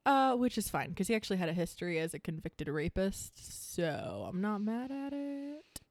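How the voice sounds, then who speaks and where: A woman's voice: medium pitch, big pitch swings, moderate pace, no echo. Young woman podcast co-host, casual, swears freely, dry booth sound. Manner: chatty, joking, swears casually. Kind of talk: casual true-crime chat.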